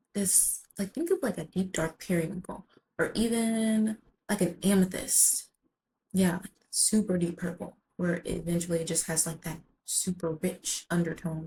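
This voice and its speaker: A woman's voice: on the low side, mellow, a little hiss or hum, rough recording. A woman vlogger telling a personal story in a rambling way, full of "like" and casual swearing.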